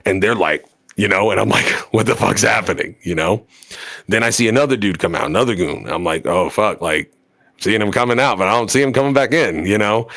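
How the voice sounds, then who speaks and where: A man's voice: lowish voice, a little fast, fairly bright tone. A man co-hosting a podcast, telling a story in casual chat, rambling and full of fillers and swearing. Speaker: podcast co-host.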